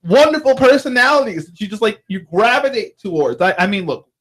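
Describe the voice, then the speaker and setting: A man's voice: high voice, lively intonation, fairly quick, fairly bright tone. Joking male sports radio co-host. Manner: joking, laughs often, playful rants. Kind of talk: sports talk radio banter.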